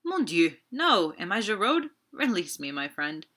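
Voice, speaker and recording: A woman voicing a calm, wry older male detective in an audiobook, speaking mildly and ironically. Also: medium pitch. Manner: mild, ironic, unhurried.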